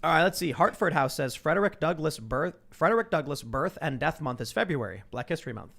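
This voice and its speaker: A man's voice: fairly high pitch, lively intonation, gravelly, a bit bright. A man hosting a podcast, chatting casually and reading viewer messages aloud. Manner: quick, conversational, uses fillers. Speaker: podcast host.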